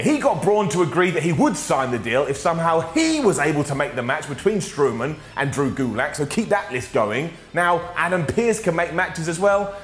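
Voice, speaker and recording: A British man recaps a show with a sarcastic, joking delivery, his voice a little high and swinging widely in pitch. The room is echoey, with faint music underneath. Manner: sarcastic, jokey, full of acted quotes. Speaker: wrestling show reviewer.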